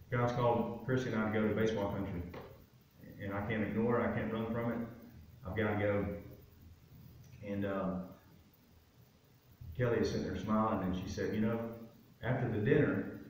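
Giving a guest testimony at church, a man tells his personal story loosely and conversationally, using plenty of fillers. He has a lowish, slightly mellow voice. The audio comes from a distance in a very echoey sanctuary and has a faint hiss or hum.

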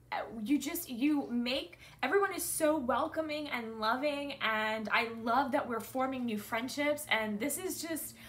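A woman's voice: high-pitched, a bit bright. A woman in her thirties, a mother hosting a casual unboxing with her kids, gushing and easily moved. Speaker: mother and channel host.

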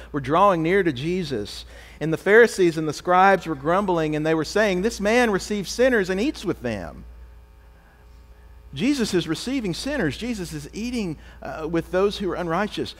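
A man preaching a sermon as pastor, animated, acting out the voices of figures he quotes. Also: a little high. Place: church sanctuary. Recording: long church reverb.

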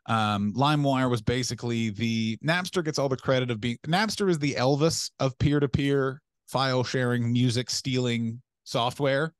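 A young adult man co-hosting a podcast, riffing in animated, profane rants during casual comedic chat. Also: mid-range voice, no echo, clean studio sound. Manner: animated, profane ranting with rapid riffs. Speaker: podcast co-host.

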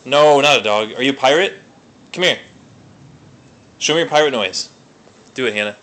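A man's voice: mid-range voice, moderate pace, a bit bright, rough recording. A father filming his young children at home, coaxing them in a playful, casual way from behind the camera. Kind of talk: casual home video chat. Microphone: camera mic, speaking from behind the camera. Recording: home video with clear background noise.

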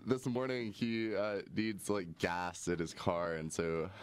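Low-voiced young male co-host with a smooth, clear tone and a dry studio sound; rambling, dry humor. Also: slow pace, no room sound. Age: young adult. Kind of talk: casual chat.

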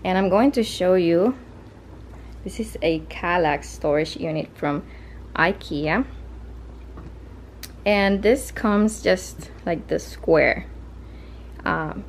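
A woman with a somewhat low speaking voice gives a relaxed, rambling tour of her home craft studio. She talks loosely and restarts her sentences. A faint ambient hum sits under her voice. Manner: chatty, loose, with fillers and restarts. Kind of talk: casual home tour narration.

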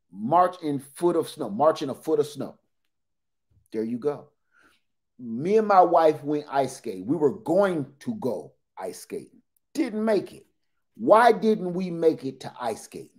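A man in his forties, a livestream host telling animated, joking stories in casual talk. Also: fairly high pitch.

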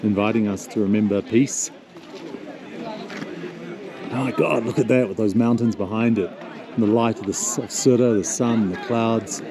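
A man hosting a travel vlog outdoors in a mountain town, speaking in a reflective, softly awed way as he leads a tour. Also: on the low side, steady tone, moderate pace, long pauses. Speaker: tour leader and vlog host. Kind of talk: casual travel vlog narration. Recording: outdoor street crowd behind.

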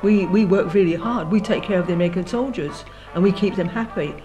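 A woman's voice: on the low side, fast talker, mellow, dull audio, faint music behind, lightly acted. An elderly woman quoting a kindly, motherly boarding-house lady who calls everyone dear, barely changing her own voice. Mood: welcoming. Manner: sweet and welcoming, calls people dear.

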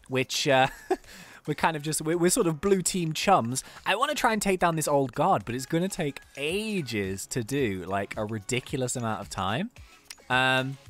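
A young man narrating his own gameplay with big swings of feeling, from mock despair to loud cheering. His pitch leaps around in a lively, animated way, with faint music under his voice. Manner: excitable, talks to himself, dramatic groans and cheers. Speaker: gaming channel host. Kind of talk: gameplay commentary.

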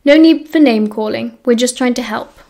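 A woman's voice: a little high, a little fast, vocal fry, warm tone. A woman with a British accent reading the lines of a teenage boy who takes charge, speaking firmly. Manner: firm, authoritative.

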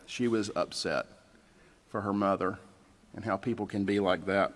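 A man's voice: fairly low pitch, fairly even intonation, moderate pace, long pauses. A man, a pastor, preaching a sermon in a plainspoken, conversational storytelling way. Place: church sanctuary. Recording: church livestream with long reverb.

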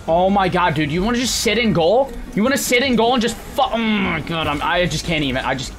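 A young man streaming a video game on a headset mic, frustrated and cursing, often breaking into angry shouts. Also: high-pitched, animated, brisk. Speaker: gaming streamer. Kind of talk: live gameplay commentary. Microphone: gaming headset. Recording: game music playing behind the voice. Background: game music.

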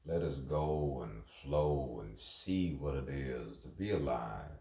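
A man's voice: a bass voice, animated, takes it slowly, few pauses, darkish tone, echoey room. A man delivering a rambling, repetitive spoken monologue, musing to himself.

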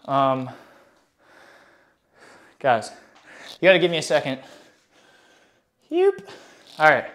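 A man's voice: fairly high pitch, huge pitch swings, takes it slowly, a bit bright. An out-of-breath man live-streaming a workout, chatting with viewers in a hyped, slangy way while exercising. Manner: hyped, slangy, reads chat aloud. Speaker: fitness streamer.

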